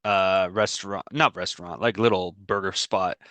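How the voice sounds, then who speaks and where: A man's voice: deep voice, fairly even intonation, normal speed, a bit bright, dry recording. A man co-hosting a podcast over a video call, telling a rambling story and laughing often. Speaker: podcast co-host. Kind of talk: casual podcast chat.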